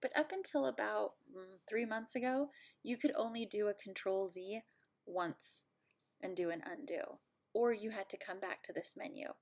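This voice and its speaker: A woman instructor at home, giving a friendly, playful software tutorial walkthrough and joking about herself. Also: medium pitch, moderate pace, gravelly.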